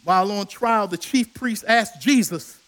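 Very high-voiced bright preacher man. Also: measured pace. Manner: dramatic storytelling with call-and-response. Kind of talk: sermon.

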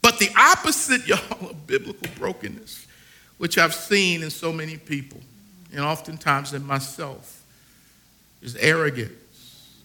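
High, lively preaching man with drawl. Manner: preaching with dramatic swings between loud calls and hushed lists. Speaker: pastor. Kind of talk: sermon.

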